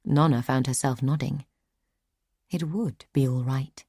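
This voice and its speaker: A woman narrating a fantasy audiobook in a measured, even storytelling manner. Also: very deep voice, husky, no room sound, clean studio sound. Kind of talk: scripted narration.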